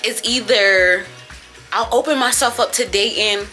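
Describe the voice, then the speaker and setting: Profane, bright-voiced young woman ranting. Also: medium pitch, a little slow, faint music behind. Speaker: vlogger. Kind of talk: casual venting vlog.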